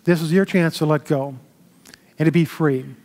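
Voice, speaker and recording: A man minister giving a sermon, telling a story in a slow, measured way with pauses. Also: fairly high pitch, steady tone, darkish tone. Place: temple sanctuary. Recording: long hall reverb.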